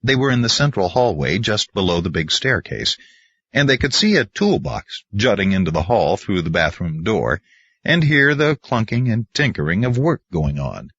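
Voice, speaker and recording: Guy reading an audiobook, lowish husky voice, lively, dry dull sound. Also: moderate pace, no echo. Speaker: audiobook narrator. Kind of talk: scripted narration.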